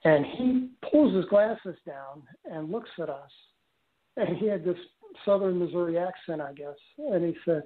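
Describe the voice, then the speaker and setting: A man's voice: high voice, animated, a little slow. A man telling a long personal story in a casual, rambling way, full of fillers and restarts. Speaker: guest telling his story. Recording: tinny phone line.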